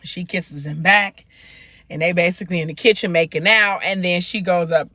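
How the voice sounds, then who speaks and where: A woman's voice: fairly low pitch, moderate pace, bright, forceful tone, no room sound. A woman vlogger casually retelling a book's plot while eating in her car, chatting with lots of fillers. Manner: chatty storytelling with many fillers. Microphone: phone.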